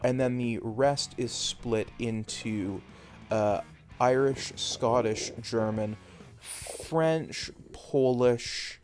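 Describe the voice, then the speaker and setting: A man's voice: medium pitch, drawn-out words, hardly any pauses, a little mellow, a little hiss or hum. A Canadian man chatting casually on a live game stream, rambling and hesitant with many fillers.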